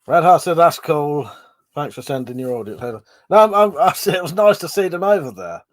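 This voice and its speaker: A man's voice: fairly high pitch, lively intonation, a little fast. A man hosting a casual live stream, reading out chat comments, rambling and swearing, short of breath and yawning. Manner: chatty, swearing, reads chat aloud and rambles.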